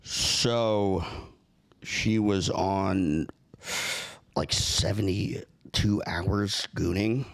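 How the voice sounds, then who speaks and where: Deadpan male prank caller, earnest and rambling, slightly low pitch. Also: extremely slow, creaky. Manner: earnest and rambling, keeps a straight face.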